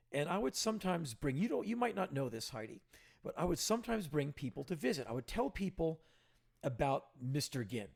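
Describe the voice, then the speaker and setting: A middle-aged podcast co-host with a creaky, mid-range voice tells casual stories, growing animated whenever he quotes other people.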